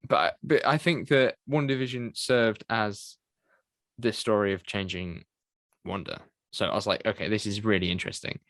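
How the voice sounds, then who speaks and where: A man hosting a podcast in casual chat, measured and hesitant, often restarting his sentences. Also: lowish voice, fairly even intonation, fairly bright tone, no echo, clean studio sound. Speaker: podcast host.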